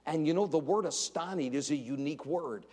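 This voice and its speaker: A man preaching a sermon in an emphatic, sarcastic way, swinging between loud and hushed delivery. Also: a little high, a little fast. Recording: reverberant hall.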